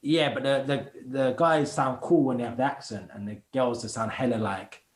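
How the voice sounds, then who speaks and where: A man's voice: mid-range voice, normal speed, echoey room, poor audio. A man, a podcast guest chatting casually in heavy street slang and acting out other people's voices as he tells stories. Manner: animated storyteller, acts out other people's voices.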